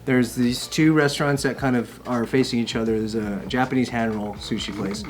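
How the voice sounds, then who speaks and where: A man telling a casual story on a podcast, relaxed and descriptive. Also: mid-range voice, a little fast.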